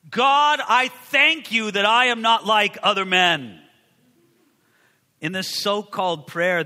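A man preaching a sermon in a church, animated, moving from booming lines to hushed ones and acting out the people he quotes. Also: big-room sound. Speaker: pastor.

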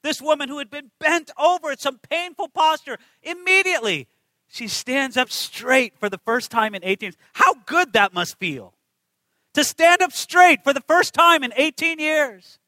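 Guy preaching a sermon, really bright sharp tone, punchy and emphatic, keeps asking the crowd questions. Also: very high voice, lively intonation, moderate pace, no room sound, poor audio. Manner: emphatic, rhetorical questions to the congregation.

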